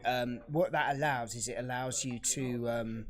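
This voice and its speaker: A man's voice: mid-range voice, fairly even intonation, measured pace. A man co-hosting a live trading stream, chatting casually with frequent fillers and easy laughs. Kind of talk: casual chat.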